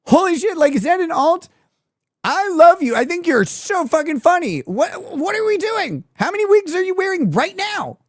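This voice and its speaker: A woman's voice: very high voice, big pitch swings, normal speed, dry recording, clean studio sound. Laughing, sarcastic woman streamer. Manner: laughing, sarcastic, swears freely. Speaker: streamer host. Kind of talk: live-stream reaction commentary.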